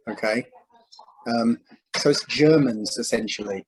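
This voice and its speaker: A man in a religious panel discussion, talking in a halting way, full of ums and restarts. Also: mid-range voice, slight background noise, low-quality recording. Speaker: panel speaker.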